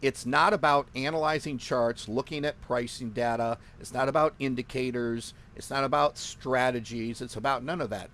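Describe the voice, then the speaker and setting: A man teaches forex trading live while working through his screen, speaking excitably and boastfully, laughing often, swearing casually and repeating phrases for emphasis. He has a mid-range voice at normal speed with few pauses.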